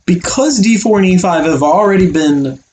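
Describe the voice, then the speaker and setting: A man as a chess coach giving an online chess lesson, animated and playful, acting out the pieces as little characters. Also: sits high, moderate pace, slight background noise.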